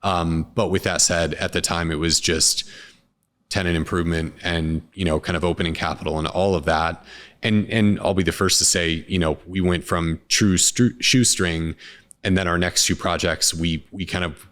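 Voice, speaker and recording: Man, very low voice, interview guest, relaxed, rambling, filler-heavy. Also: normal speed. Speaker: restaurant co-founder and CEO. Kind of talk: casual interview talk.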